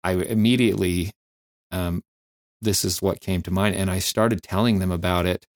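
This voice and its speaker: Male guest, deep voice, dry close sound, reflective storyteller with frequent fillers. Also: steady tone, dry recording. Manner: reflective, halting, many fillers. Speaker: firefighter and flight nurse guest. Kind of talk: candid storytelling interview.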